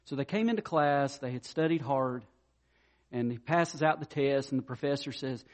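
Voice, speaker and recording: A man's voice: mid-range voice, moderate pace. A man preaching a sermon, conversational and direct, telling stories to make his point and speaking straight to the congregation. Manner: conversational storytelling preacher, addresses listeners directly. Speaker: pastor.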